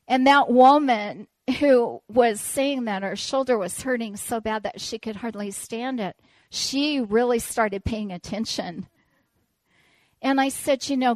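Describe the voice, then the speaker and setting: A woman preacher telling a personal story in a sermon, animated and self-deprecating. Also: fairly high pitch, no room sound.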